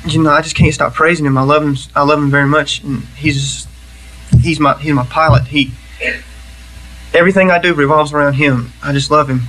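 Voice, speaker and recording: A man giving a personal testimony in church, earnest and halting, with many restarts. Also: on the high side, steady tone, a bit bright, a little hiss or hum, poor audio.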